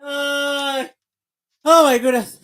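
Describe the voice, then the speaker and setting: A woman's voice: sits high, fairly even intonation, extremely slow, soft background music. A woman hosting a casual live stream, playful and laughing, out of breath after dancing. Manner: playful, laughing, bursts of singing. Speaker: livestream host.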